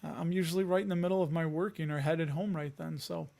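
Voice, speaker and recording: A man's voice: fairly high pitch, fairly even intonation, fast, creaky, a little mellow. Chatty man hosting a livestream. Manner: chatty, jokey asides while reading news items. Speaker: host of a dividend investing show. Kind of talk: casual livestream chat.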